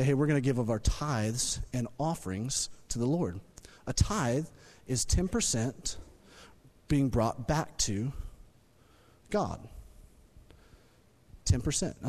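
Animated male pastor preaching. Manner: animated preaching, rising loud when emphatic, dropping low for points. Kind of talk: sermon. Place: church sanctuary.

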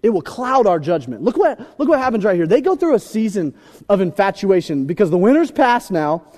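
A man preaching a sermon in a joking, animated way, acting out little scenes. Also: high voice, fairly quick. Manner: animated, joking, acts out voices. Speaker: pastor. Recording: reverberant hall.

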